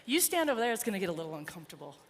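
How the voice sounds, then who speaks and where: A woman's voice: mid-range voice, big pitch swings, very fast. A woman horse trainer giving a live arena demonstration, chatting encouragingly to her colt and the crowd. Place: large indoor horse arena. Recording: reverberant arena with faint noise.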